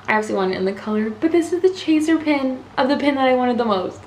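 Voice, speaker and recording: A young woman vlogging an unboxing in a casual, gushing, excitable way, with gasps and squeals. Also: high voice, fast, hardly any pauses, slight background noise. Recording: echoey room, faint ambience.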